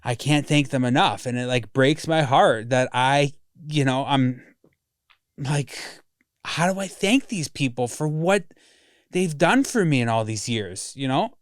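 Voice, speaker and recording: A man's voice: medium pitch, expressive, measured pace, dry recording, studio quality. A man in his thirties talking candidly in a casual podcast conversation, rambling and swearing often.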